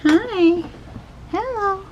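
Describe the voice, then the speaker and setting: Very high, slow cooing woman. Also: lo-fi sound, noisy background. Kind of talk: sweet talk to pets.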